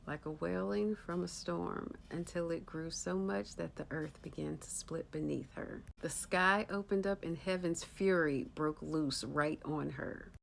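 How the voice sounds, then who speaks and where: A woman telling a spooky folktale in a hushed voice that drops low and soft at the dark moments. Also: vocal fry, a little hiss or hum, rough recording. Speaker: storyteller.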